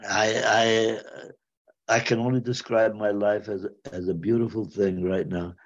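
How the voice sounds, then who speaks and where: A man in his nineties from the United States, a war veteran recounting his memories in a halting, rambling way, restarting and repeating words. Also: on the low side, flat delivery. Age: 90s. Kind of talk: spoken personal storytelling. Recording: dull lo-fi sound.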